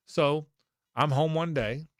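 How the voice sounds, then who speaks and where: A man's voice: on the high side, slow, no echo, studio quality. A middle-aged man hosting sports talk radio, telling a long anecdote that rambles and corrects itself along the way. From Jacksonville, Florida. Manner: rambling, self-correcting anecdotes with quoted voices.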